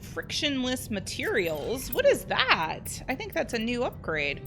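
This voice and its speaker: A woman commenting on her gameplay as host, chatting to the game's characters and yelping loudly when startled. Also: on the high side, wildly swooping pitch, a little slow. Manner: chatty, talks to game characters, startled into loud yelps. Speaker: let's play host. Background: game music and gunfire.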